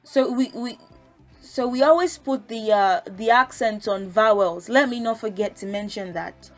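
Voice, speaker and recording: A woman's voice: on the high side, moderate pace, faint music behind. A woman teaching a language lesson, patiently explaining step by step and sounding out syllables. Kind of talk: casual spoken lesson.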